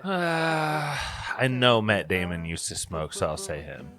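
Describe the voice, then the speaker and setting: A man on a podcast panel in casual chat, dry and low-key. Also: big pitch swings, unhurried, bright, forceful tone.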